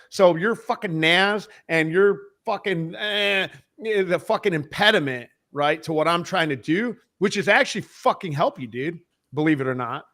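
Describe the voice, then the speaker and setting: This podcast guest, a head of sales, discusses selling in a loose, swearing, emphatic, meandering style. His voice is fairly high in pitch with a fairly bright tone.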